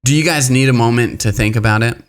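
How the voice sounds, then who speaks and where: A man hosting a casual podcast, telling stories in an animated way and restarting his sentences as he goes. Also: medium pitch, fast talker, smooth. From Pacific Northwest, US. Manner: animated storyteller, trailing restarts. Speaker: podcast host. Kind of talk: casual chat, storytelling.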